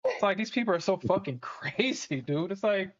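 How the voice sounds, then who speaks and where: Man, fairly high voice, casual trading chat, swears a lot, muffled lo-fi audio. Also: normal speed. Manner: animated, swearing, laughing often. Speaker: trading stream host. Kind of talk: casual live-stream chat. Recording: dull lo-fi stream audio.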